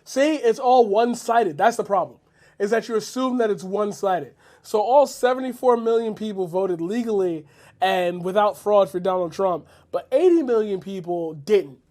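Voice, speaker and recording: A man's voice: high voice, moderate pace, darkish tone. A man streaming his reaction to a video, ranting with heavy swearing and repetition. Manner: profane, heated, repetitive rant. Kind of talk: angry ranting commentary.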